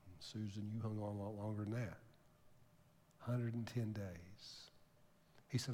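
An older man, a pastor preaching a sermon, telling a story emotionally, jumping from loud bursts to near-whispers. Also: lowish voice, fairly even intonation, unhurried, pauses often. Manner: emotional storytelling with sudden loud rises and soft drops. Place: church sanctuary. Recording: long hall reverb.

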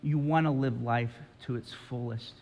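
A man's voice: medium pitch, fairly even intonation, moderate pace, darkish tone, highs cut off. A male pastor preaching a sermon, telling a story with drama and speaking directly to his listeners. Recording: reverberant hall.

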